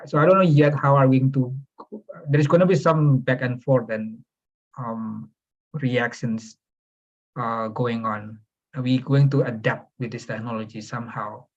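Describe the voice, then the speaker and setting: A man's voice: medium pitch, fairly even intonation, measured pace, highs cut off. A man with an Indonesian accent, speaking as a faculty panelist and searching hesitantly for his words. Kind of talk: academic panel discussion.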